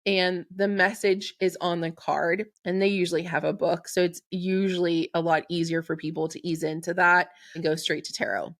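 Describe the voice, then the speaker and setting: Gravelly low-voiced woman, gently affirming. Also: steady tone. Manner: slow and deliberate when reciting an intention. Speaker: podcast host and Reiki practitioner. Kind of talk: solo podcast talk.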